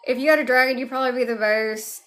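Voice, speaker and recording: A woman's voice: high voice, fairly even intonation, quick pace. A woman with a Southern US accent hosting a casual livestream, greeting chatters by name. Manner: warm greetings to chat, drawling. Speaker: livestream host. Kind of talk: casual live chat.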